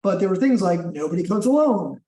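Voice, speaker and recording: A man's voice: sits high, lively intonation, a little fast, dark tone, far from the mic. A man taking part in a meetup discussion, explaining his ideas thoughtfully. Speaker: meetup participant. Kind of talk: casual group discussion. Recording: roomy, off-mic.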